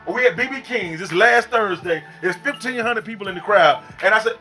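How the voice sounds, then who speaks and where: A young man chats on a podcast, spinning loud, profane stories and slipping into other people's voices as he goes. His voice sits a little high, and music plays behind him. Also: brisk. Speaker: guest and concert host. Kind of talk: casual podcast chat, storytelling.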